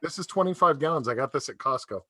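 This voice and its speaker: A man's voice: fairly high pitch, lively intonation, quick pace, bright, forceful tone. A middle-aged man doing a stand-up comedy set over a video call, telling rambling stories and laughing at his own jokes.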